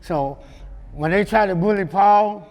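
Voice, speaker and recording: Memphis man with a gravelly, slightly high voice, telling street stories with easy laughs, heard in a reverberant hall. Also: measured pace, a little mellow. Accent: Memphis Southern US. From Memphis, USA. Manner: loose and laughing, keeps saying "you know what I'm saying". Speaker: rapper guest. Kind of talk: casual interview storytelling.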